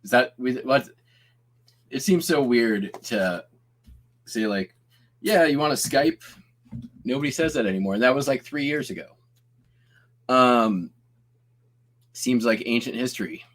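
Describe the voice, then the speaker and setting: A man's voice: mid-range voice, expressive, a little slow, long pauses, fairly bright tone. A man in his thirties or forties who hosts a live stream, talking casually, rambling, cutting himself off mid-sentence and laughing often. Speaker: host.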